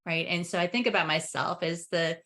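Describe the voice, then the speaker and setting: A middle-aged woman speaking as a parenting coach in a casual webinar discussion, lively and quick to act out other people's words. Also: on the low side. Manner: lively, acts out family members' voices in quotes. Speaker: parenting coach and expert guest.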